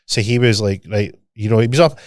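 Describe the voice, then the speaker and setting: A man's voice: lowish voice, fairly quick, dry recording, studio quality. A Scottish man co-hosting a podcast, telling stories in casual chat, swearing freely and acting out both sides of a conversation. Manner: animated storyteller, swears freely, acts out dialogue. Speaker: podcast co-host.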